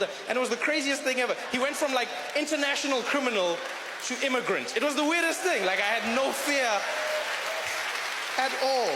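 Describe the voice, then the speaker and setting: A male stand-up comedian telling stories on stage in an animated way, breaking into accent impressions. His voice sits high, with a long hall reverb from the theater. Clear audience noise carries behind him.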